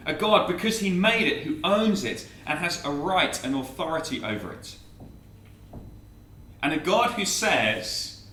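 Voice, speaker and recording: Animated man giving a talk. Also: on the high side, normal speed, echoey room, recorded from a distance. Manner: animated, theatrical, acts out quotes and a comic poem. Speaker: speaker at a student Christian meeting. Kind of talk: evangelistic talk.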